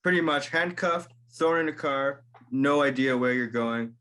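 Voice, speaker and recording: A man's voice: mid-range voice, unhurried, sharp tone, clear, resonant tone. A man hosting a casual podcast interview, prompting his guest with short sympathetic reactions. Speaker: podcast host.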